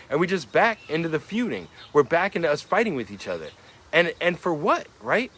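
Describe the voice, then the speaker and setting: A man's voice: fairly high pitch, big pitch swings, a little fast, fairly bright tone. A man in his forties, a rapper explaining his lyrics in a reflective monologue, musing and asking many rhetorical questions. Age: 40s.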